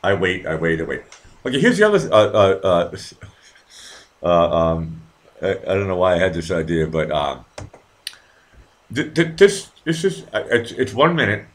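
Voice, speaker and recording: Low-voiced, animated male stream host. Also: normal speed, long pauses. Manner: rambling, profane, easily distracted; puts on silly voices for quoted comments. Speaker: live-stream show host. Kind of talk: casual live-stream chat, reading viewer comments.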